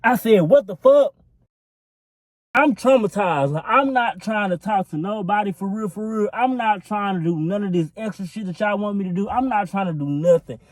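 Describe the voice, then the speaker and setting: A young man tells a storytime vlog into his phone, rambling with lots of profanity and fillers. His voice is high and brisk, with few pauses and no room sound.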